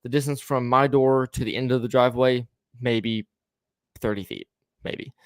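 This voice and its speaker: A man's voice: medium pitch, fairly even intonation, normal speed, clean tone, no echo, clean studio sound. A man casually telling a story to a co-host, rambling with stammering restarts and swearing, acting out the lines of the people in it.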